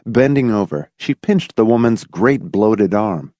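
A man reading an audiobook in a measured, expressive narration style. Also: on the low side, dry recording, studio quality. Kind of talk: scripted narration.

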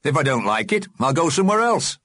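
A man's voice: on the high side, big pitch swings, fast talker, a bit bright, no echo, pitched above the performer's own voice. A man voicing a blunt, argumentative working-class male ghost agitator.

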